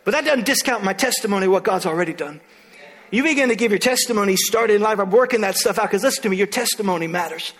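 A man's voice: sits high, lively intonation, fast, fairly bright tone, in a large hall. A man preaching a sermon in church, energetically calling out to the congregation. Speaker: pastor.

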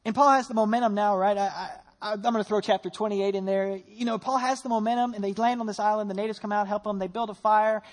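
A pastor preaching a sermon in a church, telling a story with lively rhetorical questions and dropping into soft, low tones for prayer. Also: fast talker, few pauses.

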